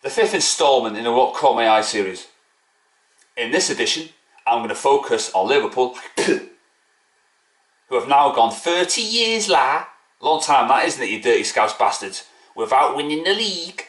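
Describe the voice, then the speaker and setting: Mocking fan vlogger, middling pitch, room echo on his voice. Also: animated, normal speed, fairly bright tone. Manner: mocking, scornful ranting. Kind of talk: ranting fan video to camera. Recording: echoey room.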